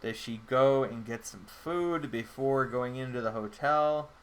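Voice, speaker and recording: A man's voice: mid-range voice, a little slow. A man playing a solo tabletop game on his channel, thinking aloud in a rambling way with many fillers. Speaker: solo game player and host. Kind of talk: solo tabletop game play-through narration.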